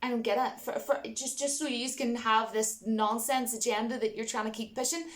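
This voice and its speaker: A woman's voice: fairly high pitch, steady tone, normal speed. A woman vlogging her opinions on film remakes in a casual, exasperated rant, with frequent asides to her viewers. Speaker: vlogger reviewing films.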